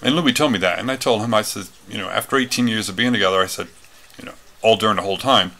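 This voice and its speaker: A fast-talking man at a retreat rambles through a personal story, circling back with fillers and restarts. His fairly low voice has a bright, forward edge and a gravelly texture.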